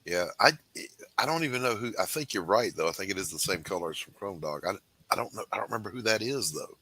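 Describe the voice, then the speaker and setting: A man with a very deep but lively, bouncing voice co-hosts a casual livestream chat. He sounds bright and upbeat, jokes around and reads the chat aloud. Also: fast, slightly rough, rough recording. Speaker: co-host.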